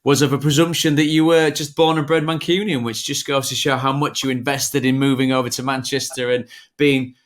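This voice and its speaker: A man's voice: mid-range voice, level tone, brisk. A man hosting a podcast, a former footballer, chatting in a playful, wordy way with elaborate phrasing. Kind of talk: casual podcast chat.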